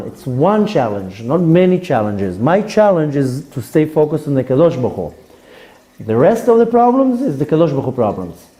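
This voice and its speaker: A man's voice: on the high side, warm tone, poor audio. A male rabbi giving a Torah class in a playful, conversational way.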